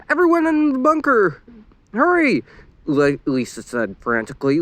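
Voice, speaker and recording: Male storyteller, lively pitch, dry recording; reads fan fiction expressively. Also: no echo. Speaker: reader. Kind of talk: reading fan fiction aloud.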